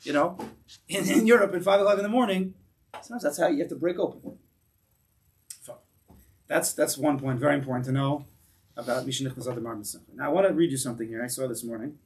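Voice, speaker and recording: A man's voice: fast, long pauses, far from the mic. A man giving an informal Torah class in a synagogue, telling stories animatedly with many restarts and asides. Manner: animated storyteller, acts out voices with big pitch jumps. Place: synagogue hall.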